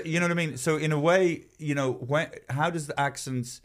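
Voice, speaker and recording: A man's voice: medium pitch, fast talker, hardly any pauses. A man co-hosting a podcast from Ireland, rambling in casual chat, mimicking accents and swearing now and then. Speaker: podcast co-host.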